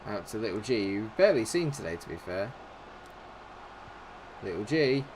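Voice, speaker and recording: A man giving live commentary over his own football video game, calm and chatty between chances and shouting when his side scores. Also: fairly low pitch, normal speed, a little hiss or hum. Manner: excitable football-style commentary, shouts at goals. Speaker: gaming YouTuber.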